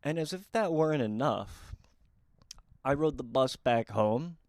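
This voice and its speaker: A young man telling comic true stories in a quick, deadpan and wry way. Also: medium pitch, no echo, studio quality. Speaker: comedic storyteller. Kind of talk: storytime comedy monologue.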